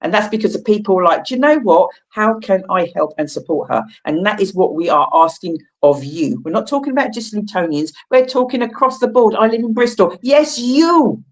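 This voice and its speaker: Woman, radio host, animated pitch, rallying and upbeat delivery. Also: moderate pace, hardly any pauses. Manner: lively, rallying listeners. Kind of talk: casual radio chat.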